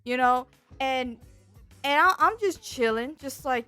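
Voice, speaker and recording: A young woman streamer telling a story in a casual chat, animated and exasperated, full of fillers and restarts. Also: sits high, measured pace, clean tone, faint music behind. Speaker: VTuber streamer.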